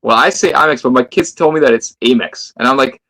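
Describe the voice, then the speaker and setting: A man chatting casually as a guest on a live stream, relaxed and talkative. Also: mid-range voice, quick pace, rough recording. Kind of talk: casual livestream chat.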